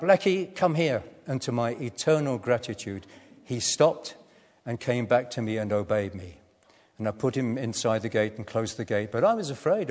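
An older man preaching a sermon, telling a personal story in a measured way with gentle humour. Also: medium pitch. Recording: echoey hall.

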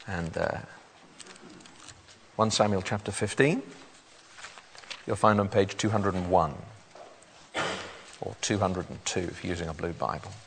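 A man's voice: sits low, unhurried, vocal fry, pauses often, fairly bright tone, slight background noise. A man preaching a sermon, reading scripture aloud and then explaining it to his congregation. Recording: long hall reverb.

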